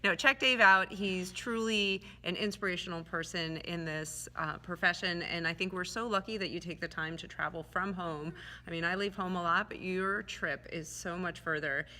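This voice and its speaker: A woman's voice: on the low side, normal speed, sharp tone. A woman hosting an interview, bubbly, enthusiastic and playful in casual chat. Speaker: host, veterinarian.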